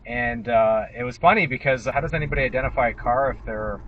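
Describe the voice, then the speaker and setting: A man's voice: mid-range voice, quick pace, phone-quality sound. A man, an injury lawyer, talking casually from his car while driving, with wry, sarcastic asides. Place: inside a car driving on city streets. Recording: noisy in-car road recording. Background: car and road noise.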